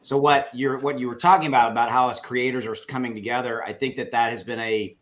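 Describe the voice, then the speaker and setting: A man's voice: medium pitch, steady tone, fast talker, a bit bright. A man with a Texas accent making an earnest, emphatic point on a video call, with plenty of filler words. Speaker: crypto streamer. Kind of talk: casual live-stream chat.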